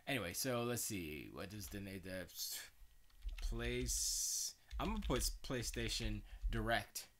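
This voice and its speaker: A man's voice: on the low side, lively intonation, unhurried, a bit bright, slight background noise. A man hosting a live stream, chatting casually in a rambling way with many restarts and stammers.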